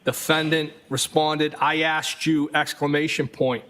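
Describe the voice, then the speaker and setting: A man's voice: fairly high pitch, flat delivery, unhurried, a bit bright. A man testifying as a trial witness, reading text messages aloud evenly and speaking the punctuation marks.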